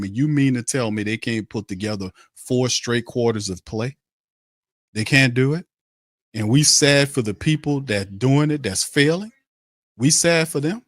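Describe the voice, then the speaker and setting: A man hosts a sports podcast in a heated rant. He is blunt and profane and hammers his points home again and again. His middle-pitched voice sits in a dry, close recording. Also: no room sound.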